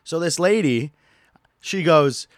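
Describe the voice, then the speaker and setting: A man's voice: on the high side, slow pace, dry recording. Podcast guy telling a wild story, voice jumping up and down, swears a lot, dry close sound. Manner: animated, profane, laughing asides. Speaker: podcast host. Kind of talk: casual storytelling.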